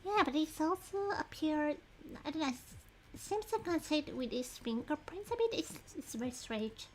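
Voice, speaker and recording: A woman streaming a detective game, chatting in a rambling, apologetic and excitable way as she reads clues and thinks out loud. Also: sits high, moderate pace, a little hiss or hum. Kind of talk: casual livestream chat.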